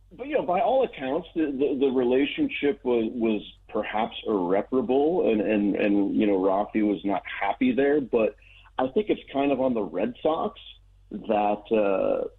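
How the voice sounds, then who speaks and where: A man, a baseball reporter, answering interview questions in a halting way, repeating words as he goes. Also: lowish voice, husky. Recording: tinny phone-line remote call.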